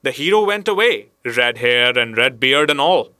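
A man reading a story aloud as narrator, in a measured storytelling manner. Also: mid-range voice, animated, pushed and bright, dry recording, studio quality. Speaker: audiobook narrator. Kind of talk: scripted narration.

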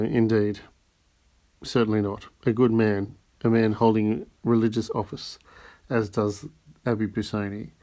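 A man giving voice to a timid old Italian ex-major in a spoken audiobook, low-voiced and keen to please. He answers every question in a hurry, anxious not to give offence. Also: darkish tone. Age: older. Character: timid, eager old Italian ex-soldier, male.

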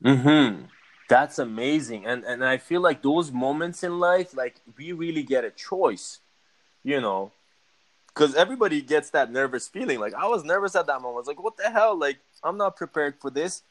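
A man, a musician being interviewed, telling a personal story in a casual, animated way and acting out his own reactions. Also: mid-range voice, normal speed. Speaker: guest, musician.

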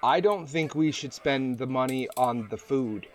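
A man of middle pitch joins a tabletop game as a player. He rambles and hesitates, circling back over his words. The talk is loose, casual game chat. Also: unhurried. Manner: rambling, hesitant, lots of fillers and restarts.

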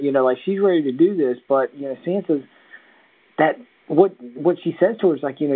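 A man's voice: mid-range voice, brisk. A man co-hosting a casual show recap in an easygoing, chatty way. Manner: easygoing, chatty, many fillers. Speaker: podcast co-host. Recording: tinny phone-like sound.

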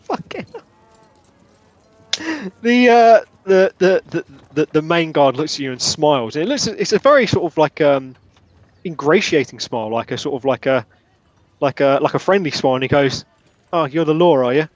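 A man narrating as game master, halting and rambling with many restarts. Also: on the high side, lively intonation, no room sound, dull audio.

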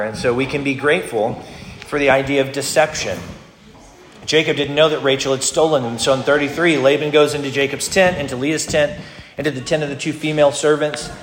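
A man's voice: medium pitch, fairly bright tone. A male pastor giving an expository sermon in a conversational teaching manner, often restarting his phrases. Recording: roomy hall echo, faint noise.

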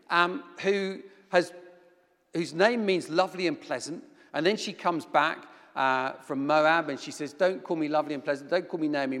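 A middle-aged man preaches a sermon in a church hall. He weaves personal anecdotes in with wry self-deprecating humor. His slightly higher-than-average voice rings out with a long reverb tail. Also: a bit bright.

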